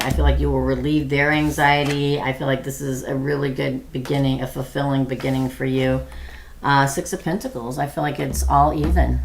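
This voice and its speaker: A woman's voice: rumbling low, fairly bright tone, a little hiss or hum. A middle-aged woman giving a live tarot reading, chatty and thinking aloud with many ums as she answers viewer questions. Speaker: tarot reader.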